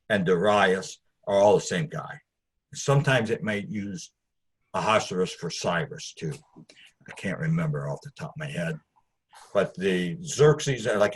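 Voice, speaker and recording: A man's voice: fairly low pitch, breathy edge. A man teaching a Bible study, conversational and digressive, with asides to his listeners.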